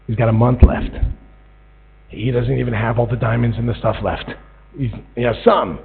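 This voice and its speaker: A man's voice: mid-range voice, fast talker, vocal fry, breathy edge. A man giving a storytelling sermon, acting out voices in a parable and building to pleading. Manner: animated, acts out voices in a parable, rises to pleading. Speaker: speaker giving a Torah talk. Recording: tinny lo-fi recording with mains hum.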